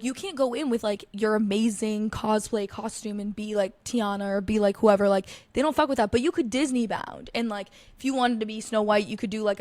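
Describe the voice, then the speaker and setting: A woman's voice: mid-range voice, darkish tone, no room sound. A young woman hosting a casual solo podcast, telling stories in a chatty way with lots of "like" and plenty of swearing. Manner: chatty, lots of "like", swears freely, quick asides. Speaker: podcast host.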